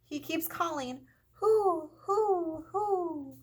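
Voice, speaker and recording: Little mouse boy, jumpy and pleading, read by a woman, higher, breathy voice, storybook. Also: lively intonation, unhurried. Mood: anxious calling. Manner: calls out urgently, pleading. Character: small anxious young boy mouse.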